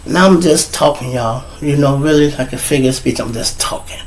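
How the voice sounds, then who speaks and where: A middle-aged man, hosting his show and telling a profane, animated story straight to his audience. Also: medium pitch, brisk. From Chicago. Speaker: show host. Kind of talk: storytelling monologue.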